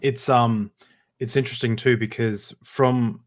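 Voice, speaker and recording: A man's voice: mid-range voice, fairly even intonation, a little slow. A man hosting a podcast, asking questions in a thoughtful, hesitant way with frequent restarts. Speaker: podcast host. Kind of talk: casual interview talk.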